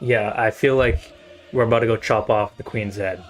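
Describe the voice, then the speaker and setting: A man's voice: lowish voice, fairly even intonation, normal speed. Casual, profane streamer man reacting live. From South Asia. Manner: casual, rambling and profane, thinking aloud. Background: faint anthem music playing.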